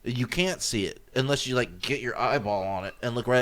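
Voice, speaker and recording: A man's voice: mid-range voice, brisk, fairly bright tone. Rambling man in a casual chat. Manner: rambling, frequent "like" fillers. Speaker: podcast guest. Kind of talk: casual round-table chat.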